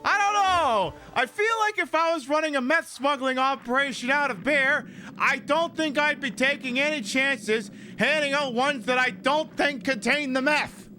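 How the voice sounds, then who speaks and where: A man's voice: extremely high pitch, normal speed, pushed and bright, faint music behind. A man hosting a game stream, rambling and joking casually, swearing freely as he plays. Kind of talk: casual gameplay commentary.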